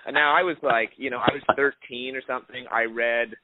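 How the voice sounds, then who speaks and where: A man's voice: mid-range voice, steady tone, a little fast, background noise. A young adult man, an actor, chatting in an interview, rambling with many restarts and fillers. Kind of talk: casual interview chat. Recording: dry, tinny phone line.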